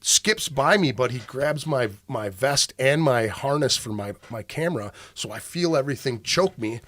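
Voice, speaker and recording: Man, podcast host, animated profane storyteller, very dry close sound. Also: medium pitch, normal speed, no echo. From Minnesota. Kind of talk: casual chat.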